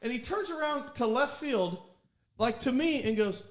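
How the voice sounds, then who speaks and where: A man, co-hosting a podcast and telling rambling, animated stories. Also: extremely high pitch, normal speed. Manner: rambling, animated storyteller with restarts. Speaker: podcast co-host. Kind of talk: casual storytelling chat.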